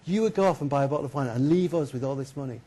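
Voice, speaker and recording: A man's voice: medium pitch, very fast, warm tone, lightly acted. A man voicing a scheming young medieval man who gushes tearfully over a friend, then plots against him in a sly tone. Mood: incredulous.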